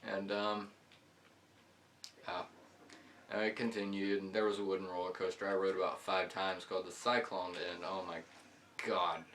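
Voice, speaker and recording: A man with a deep, low voice tells a rambling story while he plays. He talks casually and loosely, full of fillers, as he comments on the match. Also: flat delivery, normal speed, pauses often, fairly bright tone, slight background noise. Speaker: gaming channel host.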